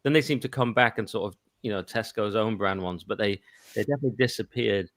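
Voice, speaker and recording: A man's voice: fairly low pitch, quick pace, fairly bright tone, no echo. A man in a casual chat over a video call, rambling and reminiscing. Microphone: remote video call.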